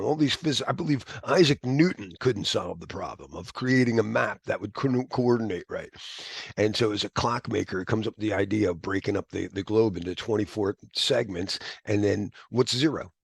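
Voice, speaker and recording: Brief: low, gravelly male instructor, rambling and animated, dry sound. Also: normal speed, no room sound. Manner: rambling, animated, with whispered asides. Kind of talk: live classroom lecture.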